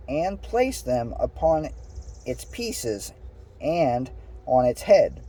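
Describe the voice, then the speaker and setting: Male reader, very dark and a bit husky; casual scripture reading, trips on words, adds asides. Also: a little high. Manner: reads aloud with stumbles and asides. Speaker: Bible reader.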